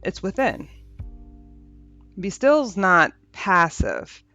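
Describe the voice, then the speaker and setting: A woman hosting a podcast, talking through a reflective spiritual monologue in a gentle, unhurried way, repeating phrases for rhythm. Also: medium pitch, very animated. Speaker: podcast host. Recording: dull lo-fi audio with faint music.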